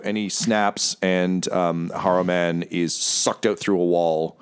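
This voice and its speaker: A man's voice: low-pitched, fairly even intonation, slow pace, clean tone. A man narrating as game master of a tabletop game, rambling casually with many fillers.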